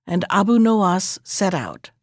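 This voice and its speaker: A woman reading a fairy tale aloud in steady storybook narration. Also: medium pitch, slow, no echo, studio quality. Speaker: reader.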